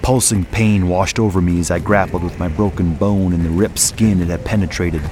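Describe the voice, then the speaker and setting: Deep-voiced man narrating grim horror. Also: steady tone, normal speed, over music. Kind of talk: scripted first-person horror narration.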